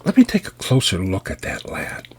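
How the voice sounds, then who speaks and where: A man with a husky voice voicing a big, boastful male giant who is rattled. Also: deep voice, huge pitch swings, moderate pace, heavily acted. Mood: uneasy. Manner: blustering, exclaiming.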